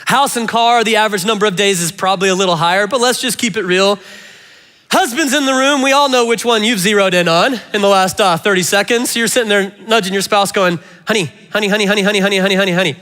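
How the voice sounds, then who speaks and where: Lively male preacher with a high, bright voice. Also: a little fast. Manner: animated, playful, talks directly to the audience. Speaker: pastor. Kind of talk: sermon. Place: large church hall. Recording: reverberant church hall.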